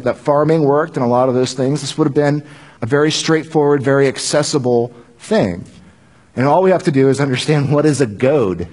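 A man's voice: fairly high pitch, a little mellow. A male pastor giving a conversational sermon, joking with the congregation and often restarting his sentences.

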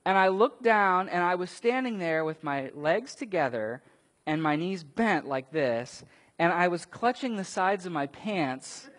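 A man preaching a sermon, telling stories and acting out quotes with sudden loud bursts. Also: high-pitched, measured pace. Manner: animated storytelling, acts out quotes with big swings in loudness. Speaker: pastor. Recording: long reverb of a large hall.

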